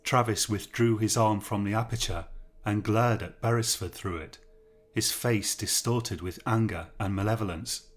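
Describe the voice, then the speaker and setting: A male narrator reading a horror story aloud in scripted style. His voice sits on the lower side and moves at a measured, steady storytelling pace.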